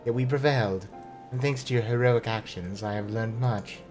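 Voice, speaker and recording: A man voicing a cool, scholarly female mage who speaks in a measured, formal way, with faint game music behind. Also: mid-range voice, a little mellow, lightly acted.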